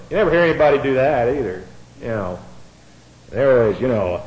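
A middle-aged man preaching a sermon, folksy and sarcastic, swinging between quiet asides and loud outbursts. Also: medium pitch, sing-song, fairly quick, poor audio.

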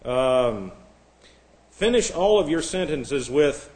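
A pastor delivers a humorous sermon in a mid-range, darkish voice at a moderate pace. He tells stories and reads lighthearted joke lists aloud, chuckling between them.

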